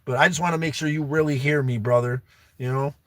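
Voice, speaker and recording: A man's voice: mid-range voice, fairly even intonation, fast talker, fairly bright tone, no room sound. A young man hosting a livestream, earnestly pleading with a viewer he calls brother to come stay at his home. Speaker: livestream host. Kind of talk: emotional heartfelt live-stream talk.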